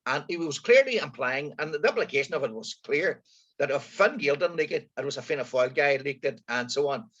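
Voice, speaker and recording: A man co-hosting a casual political chat, hesitant and halting with many restarts. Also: a little high, animated, a bit bright. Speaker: co-host of a current affairs podcast. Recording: muffled lo-fi audio.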